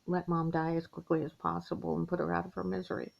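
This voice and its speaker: A woman's voice: lowish voice, little pitch movement, creaky. A middle-aged woman vlogging from her mother's house, speaking in a weary, heartfelt way and sighing as she confides. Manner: weary, heartfelt, slow confiding talk with sighs. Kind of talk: personal confessional vlog. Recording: dull lo-fi home recording.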